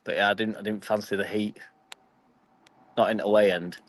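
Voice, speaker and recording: Yorkshire football-fan streamer, young man, lowish voice, dry close sound, sweary and chatty with his viewers. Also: flat delivery, moderate pace, no echo, rough recording. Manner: chatty, sweary, banters with live chat. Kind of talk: casual live-stream chat.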